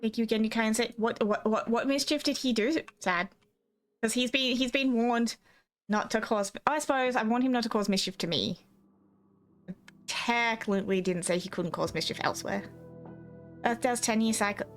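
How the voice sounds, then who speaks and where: A woman streamer with an Australian accent softened by years of talking to Americans chats loosely with her viewers. Her voice sits on the higher side, and she rambles, restarts and giggles often. Faint music plays under her talk. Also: normal speed. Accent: Australian, slightly Americanized. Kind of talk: casual chat with live chat.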